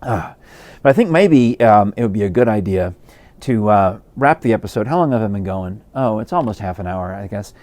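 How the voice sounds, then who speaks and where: A male podcast host spinning a casual story from his porch. His pitch swings widely as he meanders, amused, through restarts and fillers. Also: lively intonation, fairly quick, darkish tone, no room sound. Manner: rambling, amused, many fillers. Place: home porch.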